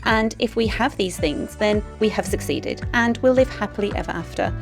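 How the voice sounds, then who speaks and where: A woman's voice: medium pitch, lively intonation, moderate pace, gravelly, over music. A woman hosting a podcast, moving from a scripted welcome into casual, encouraging chat with her guest. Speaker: podcast host.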